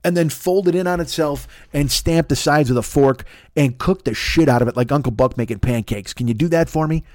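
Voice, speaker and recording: A man riffing through an absurd comic monologue, swearing freely and building excitement. He talks very fast in a slightly raised voice. The sound is dry and close on the mic. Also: on the high side, dry recording. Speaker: comedian podcast host. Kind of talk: rambling improvised comic monologue.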